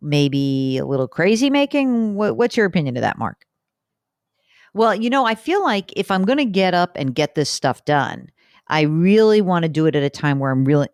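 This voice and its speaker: A woman's voice: on the low side, no room sound, clean studio sound. A middle-aged woman hosting a money podcast, chatting casually and with animation. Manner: chatty, animated, laughs easily. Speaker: podcast host. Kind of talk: casual chat.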